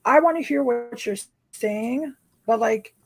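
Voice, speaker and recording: A woman co-hosting a podcast, chatting in a relaxed way with many filler words. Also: on the high side, measured pace. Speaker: podcast co-host. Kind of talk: casual chat.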